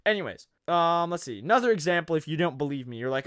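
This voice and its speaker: A man with a fairly high voice narrates a comedy video with sarcasm and rambling jokes. His pitch swings widely from line to line, and the sound is dry and close, with no room echo. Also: lively intonation, fast, hardly any pauses, a bit bright, clean tone. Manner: sarcastic, jokey, rambling asides. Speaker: video host.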